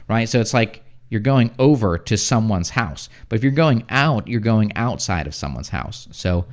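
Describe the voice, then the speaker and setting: An American man giving a casual livestream English lesson, chatting with viewers and explaining words slowly, often checking with "right?". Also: fairly low pitch, lively intonation. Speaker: English teacher. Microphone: streaming setup.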